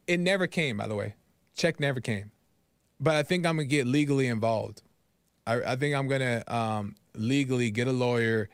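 A man's voice: mid-range voice, animated, normal speed, smooth, no room sound, studio quality. A man hosting a podcast, telling a frustrated story in a casual monologue, acting out phone calls and often checking in with "right?". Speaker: podcast host.

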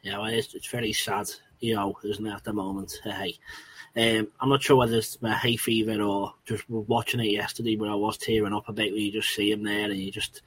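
A man's voice: fairly low pitch, little pitch movement, fairly quick, fairly bright tone, slight background noise, low-quality recording. A man co-hosting a podcast, talking about football in a heartfelt, rambling way. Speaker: podcast co-host. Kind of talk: casual football chat.

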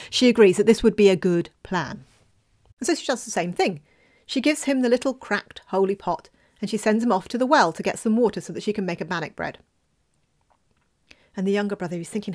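A woman telling a folk tale in a lively, expressive way, dropping at times into a whisper. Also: mid-range voice. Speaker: storyteller.

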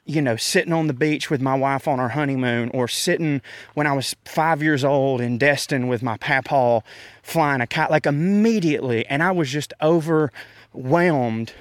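A man in his thirties talks loosely and self-deprecatingly, chuckling as he goes. He is winded from walking through a park, and his voice sits at an ordinary pitch. The sound is close and dry, with no room around it. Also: moderate pace, no echo. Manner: rambling, self-deprecating, frequent laughs. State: out of breath from walking. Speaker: comedian podcast host. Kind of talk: casual rant.

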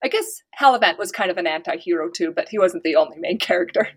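A woman's voice: lowish voice, expressive, fast talker, fairly bright tone, breathy edge. A woman author from the United States, talking casually and earnestly in a podcast interview. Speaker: author guest.

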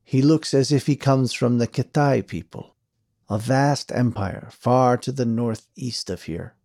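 Courteous priest, formal and unhurried, voiced by a male narrator, audiobook. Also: medium pitch, gravelly, darkish tone, no room sound, clean studio sound. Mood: calm. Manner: formal, measured. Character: calm, courteous foreign priest, smooth and measured.

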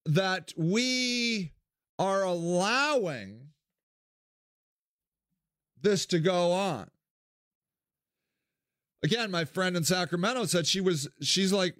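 Ohio guy ranting on his podcast, high voice for a man, slow and blunt, cusses a lot. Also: dry recording, studio quality. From Akron, Ohio, US. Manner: blunt, swears freely, animated swings in pitch. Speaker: podcast host and local candidate. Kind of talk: candid solo monologue.

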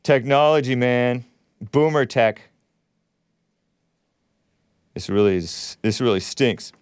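A man's voice: medium pitch, lively intonation, a little slow, clear, resonant tone, no room sound, clean studio sound. Sarcastic man hosting a call-in show. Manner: combative, sarcastic, rambling asides. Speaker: talk show host. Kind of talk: opinionated call-in show monologue.

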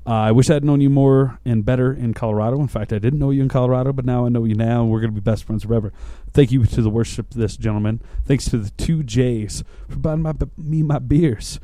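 A man rambles through his podcast sign-off in a loose, chatty way. His voice is mellow and rather dark, and it is recorded dry and close with no room sound around it. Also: mid-range voice, fairly quick, few pauses, no echo. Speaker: podcast host. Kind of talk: casual podcast outro.

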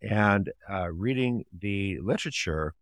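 Low-voiced man telling anecdotes. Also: unhurried, no echo. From United States. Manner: acts out quoted voices in anecdotes, animated retelling. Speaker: family physician and author, podcast guest. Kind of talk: storytelling interview answers.

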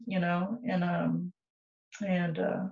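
A woman co-hosting a podcast in casual chat, profane and animated, often breaking into laughter. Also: fairly low pitch, slow pace, creaky. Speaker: podcast co-host. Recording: roomy, distant, dull sound.

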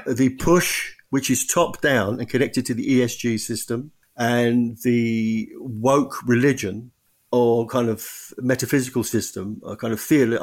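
A man speaks as a guest author in a long-form interview. His pitch sits in a plain middle range. He talks in a halting, reflective way, breaking off and restarting his sentences as he works through his ideas. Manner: thoughtful, halting, frequent restarts. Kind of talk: podcast interview.

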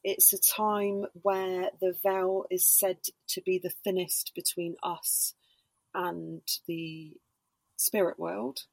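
A woman speaking in a husky, gravelly voice, pitched on the low side. She talks through her ideas slowly in a relaxed podcast chat, leaning on fillers. The recording is close and dry. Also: no echo. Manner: explains slowly with many hedging fillers. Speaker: podcast guest, Reiki practitioner and embodiment coach.

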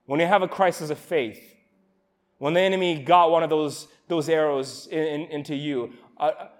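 A young man giving an emotional, earnest informal sermon at a youth camp, with halting restarts. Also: fairly high pitch.

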